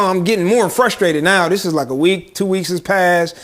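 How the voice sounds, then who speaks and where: A young man co-hosting a podcast, his voice sitting a little high. He tells a story in animated, slangy chat and laughs often along the way. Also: unhurried. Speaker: podcast co-host.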